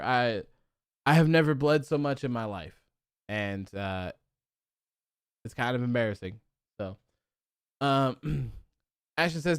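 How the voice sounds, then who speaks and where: A man's voice: a little high, animated, a little slow, pauses often, clear, resonant tone, no echo, clean studio sound. Chatty man ranting on a live stream. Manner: chatty, many fillers, builds into exasperated rants. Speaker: host of a wrestling post-show live stream. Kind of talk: casual live-stream commentary, reading out chat comments.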